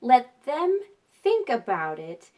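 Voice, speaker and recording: A woman's voice: a little high, wildly swooping pitch, takes it slowly, darkish tone. A woman, a mother, talking casually to viewers with parenting advice, often checking in with "right?" and laughing. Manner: chatty, with frequent tag questions and laughter.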